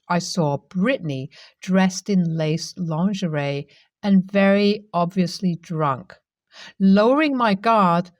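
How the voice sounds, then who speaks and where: A woman's voice: medium pitch, no echo. Woman narrating a personal story, dry sound. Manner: steady, even first-person reading.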